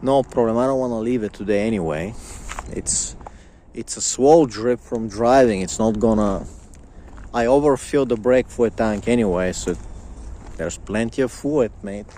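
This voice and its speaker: A man's voice: lowish voice, moderate pace, warm tone, slight background noise. A young man in a casual vlog, ranting angrily with lots of swearing and repetition. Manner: angry, profane, repetitive ranting. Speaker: vlogger.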